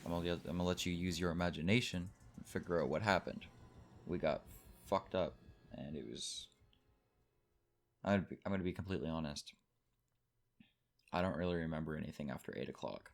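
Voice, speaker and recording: A man's voice: low-pitched, a little fast, vocal fry, pauses often, a little hiss or hum. A young man in his late teens from Texas, telling a rambling, casual party story over gameplay. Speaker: gaming channel host.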